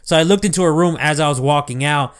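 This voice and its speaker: A man's voice: on the high side, quick pace, clean tone. A young man telling a casual story in a rambling way, restarting sentences and swearing now and then. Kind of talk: casual chat.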